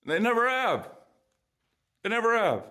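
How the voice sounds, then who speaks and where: A man's voice: very high voice, sing-song, unhurried, pushed and bright. A young man vlogging about his own life, blunt and profane, moving between joking and frustrated ranting. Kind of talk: casual personal vlog.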